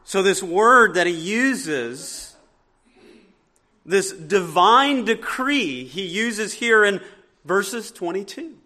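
A man preaching a sermon as pastor, swinging between loud emphatic points and quiet asides. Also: high voice, lively intonation, very slow.

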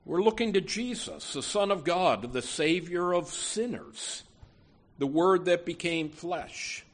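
Slow, earnest preaching man. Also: high-pitched, lively intonation. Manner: earnest preaching with many "you know" asides and repeated words. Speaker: pastor. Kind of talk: sermon.

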